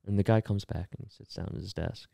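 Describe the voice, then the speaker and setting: A man in his twenties, a comedian co-hosting a podcast, telling a work story in an animated, profane way. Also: lowish voice, quick pace, vocal fry, no echo.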